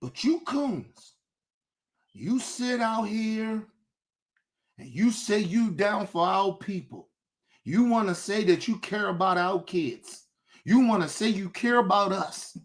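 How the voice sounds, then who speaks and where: A man hosting his own show, delivering an impassioned, profane commentary rant that swings between shouting and low, intense talk. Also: animated, takes it slowly. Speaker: show host.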